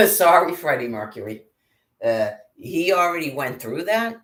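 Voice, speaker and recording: A woman's voice: sits low, sing-song, unhurried. A woman in an agitated, profanity-filled angry monologue to camera. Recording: roomy echo.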